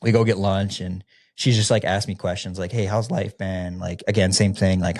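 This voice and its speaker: A man's voice: low-pitched, normal speed. A man from the American Midwest, a former youth pastor, telling his personal story as a podcast guest in a casual, candid way, with frequent fillers as he acts out the dialogue he is recalling. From Midwestern United States. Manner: casual, relaxed, with frequent fillers, often acting out quoted dialogue.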